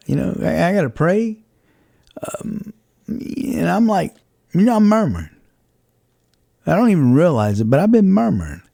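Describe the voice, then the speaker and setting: A man with a gravelly, mellow voice hosts a casual faith-based podcast. He rambles and reflects aloud, often restarting his sentences, and sounds dry and close to the mic. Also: high-pitched, dry recording. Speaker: podcast host.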